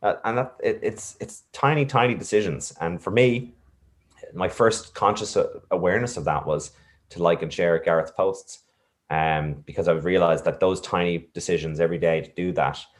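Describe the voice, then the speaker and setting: A man's voice: low-pitched, moderate pace. A man reflectively telling a personal story, with many fillers and restarts. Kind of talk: casual storytelling.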